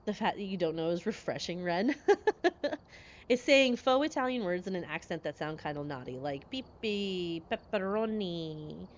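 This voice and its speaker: A woman in her forties chatting casually with her live-stream viewers, lively and quick to laugh as she answers chat. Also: on the low side, dull audio.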